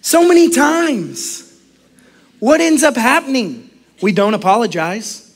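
Animated high-voiced male pastor preaching. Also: takes it slowly. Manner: animated, acts out quotes, laughs often. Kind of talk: sermon.

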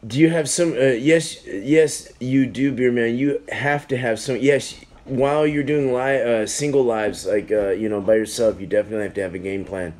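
A man's voice: mid-range voice, fairly even intonation, moderate pace, darkish tone. A man chatting casually on a live stream, reviewing beers in a rambling, easily sidetracked way.

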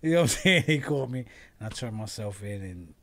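A man's voice: lowish voice, fast talker, slight background noise. A man, a podcast guest telling a story in casual talk, acting out what others said and swearing freely, often trailing off and restarting. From New York. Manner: animated storyteller who acts out quoted voices, swears freely; trails off and restarts mid-sentence.

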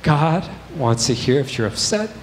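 A man's voice: a little high, lively intonation, normal speed. Young male preacher, candid storytelling sermon, roomy church echo, faint noise. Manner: candid, conversational storytelling with fillers. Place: church sanctuary.

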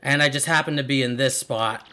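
A man's voice: medium pitch, steady tone, brisk, pushed and bright. Casual man rambling over gameplay. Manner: rambling, chuckling, trailing off. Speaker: gameplay video host. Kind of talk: casual let's-play commentary. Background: game music.

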